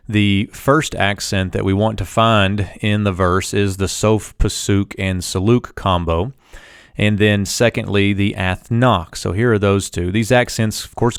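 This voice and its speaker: A man's voice: lowish voice, clean tone, no room sound, studio quality. A man teaching Biblical Hebrew, walking steadily through a verse and explaining its grammar. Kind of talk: scripted screen-walkthrough lesson.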